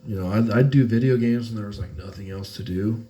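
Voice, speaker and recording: A man's voice: lowish voice, a little fast. A young man co-hosting a podcast, telling a story in loose, profane chat and acting out both sides of an argument. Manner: animated, profane, acts out quoted arguments. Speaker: podcast co-host.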